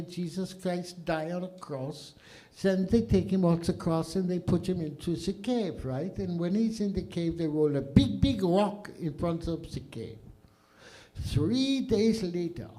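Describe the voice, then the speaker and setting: A man's voice: sits high, mellow. A man playing an earnest guy patiently explaining a story step by step.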